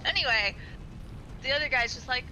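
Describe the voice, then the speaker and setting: Young woman chatting while she games, super bright voice, laughs a lot telling stories. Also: sits high, fairly quick, a little hiss or hum, rough recording. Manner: lively storyteller, laughs often. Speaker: gaming channel co-host. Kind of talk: casual chat while playing a game.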